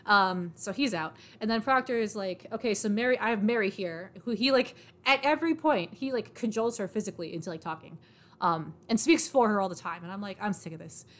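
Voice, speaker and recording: A woman with a mid-range voice talks fairly quickly as she casually summarizes a story's plot. Her chatty recap is packed with fillers like "like" and "um" and frequent laughter.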